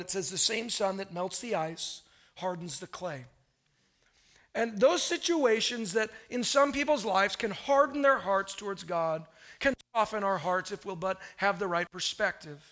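A man's voice: high voice, fairly bright tone. A male pastor preaching a sermon in a conversational, storytelling way, often asking the room questions.

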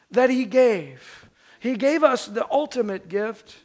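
A man in his thirties preaching a Christmas sermon, telling a joke story and then slowing down to stress key phrases. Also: very high-pitched. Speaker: pastor.

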